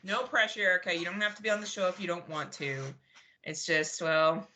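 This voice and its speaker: A woman's voice: fairly low pitch, a little fast, sharp tone, a little hiss or hum. A woman from Canada co-hosting a podcast, chatting casually with lots of laughing, swearing and rambling banter. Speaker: podcast co-host. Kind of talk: casual chat.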